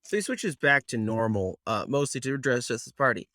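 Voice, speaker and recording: A man's voice: medium pitch, very animated, fairly quick, sharp tone, dry recording, clean studio sound. Laughing game master man. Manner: loose, laughing narration. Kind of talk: narrating a tabletop game.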